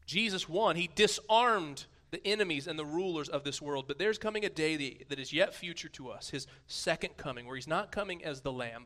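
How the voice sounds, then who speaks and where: Man preaching a sermon, bright and forceful tone, slightly high voice, playful, hushed then booming. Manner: conversational and playful. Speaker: pastor.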